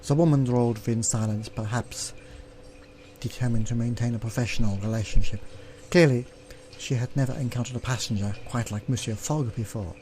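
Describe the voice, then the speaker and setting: A man hosting a let's play, reading a text adventure aloud and clearing his throat often, with offhand asides. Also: medium pitch, normal speed, dark tone, slight background noise.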